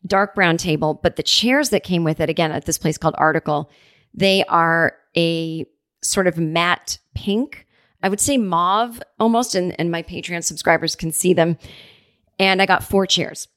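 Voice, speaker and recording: A woman hosting her podcast from her apartment, telling stories in a chatty, animated way and acting out the people she quotes. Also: lowish voice, a little slow, dry recording, clean studio sound. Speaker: podcast host. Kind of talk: casual solo storytelling. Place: home apartment.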